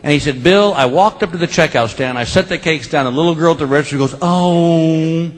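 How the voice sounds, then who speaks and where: A man's voice: on the high side, fast, a little hiss or hum. A middle-aged man telling folksy stories in a stand-up comedy routine, building each one to a punchline. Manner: folksy storytelling, punchline delivery. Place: live comedy stage with audience. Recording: live show with crowd laughter. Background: audience laughter.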